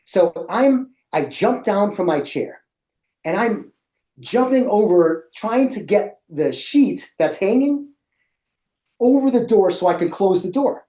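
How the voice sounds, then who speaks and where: A middle-aged man presenting to educators and telling a personal story in an animated way that acts out his own reactions. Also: high voice, takes it slowly, roomy sound.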